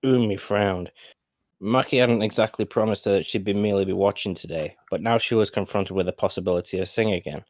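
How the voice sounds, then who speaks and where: Low-voiced man narrating a story. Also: no room sound. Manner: steady, measured narration. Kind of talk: live reading of a fan story.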